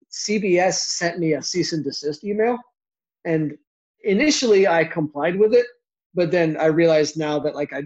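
Chatty young man with a higher voice. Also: darkish tone. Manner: quick, chatty, lots of "like" fillers. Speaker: YouTuber guest. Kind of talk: casual interview chat. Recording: dull lo-fi sound.

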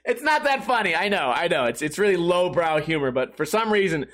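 A man's voice: high-pitched, big pitch swings, fairly quick, a bit bright. A young man hosting a solo podcast, rambling casually with lots of swearing and laughing at his own jokes. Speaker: podcast host.

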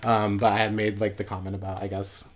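A man's voice: on the low side, level tone, brisk, slight background noise. A man in his late twenties casually telling a personal story, rambling with lots of asides. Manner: rambling, full of fillers and asides. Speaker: guest storyteller.

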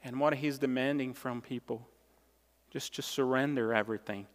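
A man's voice: medium pitch, fairly even intonation, moderate pace. A male pastor delivering a sermon with emphatic, repeated phrases. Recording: long reverb of a large hall.

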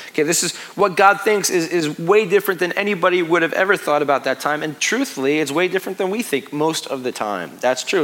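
A pastor in his thirties preaches in an easy, conversational way, stumbling over restarts and letting his voice fall low on the heavy parts. His tone is bright and forward, sitting a little high for a man. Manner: conversational, repetitive restarts, drops to a hush on heavy points. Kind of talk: sermon.

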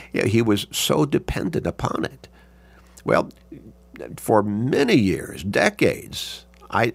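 An older man giving a sermon, slow and deliberate, repeating points for emphasis, with a gravelly voice. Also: on the low side, dry recording.

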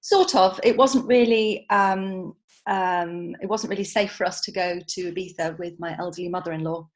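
A woman's voice: on the low side, moderate pace. A woman who founded a support network, talking thoughtfully as a guest on a group video call. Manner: thoughtful, reflective. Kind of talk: casual group chat on a call.

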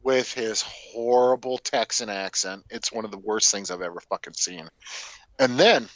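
A man's voice: on the low side, fairly bright tone, dry recording, muffled recording. A man in his forties, a podcast co-host, ranting profanely and with exasperation about a film in casual chat.

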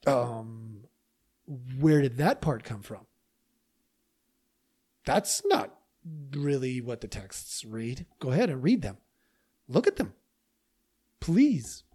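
A man hosting a podcast delivers a monologue straight to his listeners. His manner is emphatic and animated. He talks the way someone would when making a persuasive case. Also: fairly high pitch. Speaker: podcast host. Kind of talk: opinion monologue.

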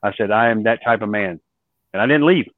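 A man and former wrestler, a podcast guest, telling lively stories and acting out what others said. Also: fairly low pitch, fairly quick, no room sound. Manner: animated storyteller acting out quoted voices. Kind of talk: storytelling in an interview. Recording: dry tinny phone-like line.

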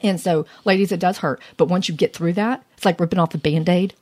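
A woman co-hosting a casual faith chat for women, lively and earnest, laughing easily. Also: lowish voice, a little fast. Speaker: co-host of a women's faith talk.

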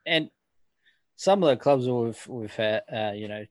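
A man's voice: medium pitch, expressive, unhurried, no room sound. An Australian man co-hosting a podcast in casual chat, laid-back and hesitant. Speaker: podcast co-host.

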